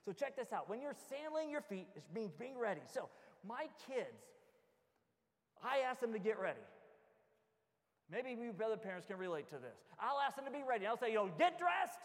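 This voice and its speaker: High-voiced joking pastor preaching. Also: male voice, normal speed. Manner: animated, joking, acts out little scenes. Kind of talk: sermon. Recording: long hall reverb.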